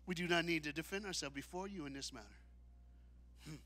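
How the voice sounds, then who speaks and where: A man preaching a sermon in a church, dramatic and leading the crowd in call-and-response, swinging from shouts to hushed lines. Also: fairly high pitch, fairly quick. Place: church auditorium.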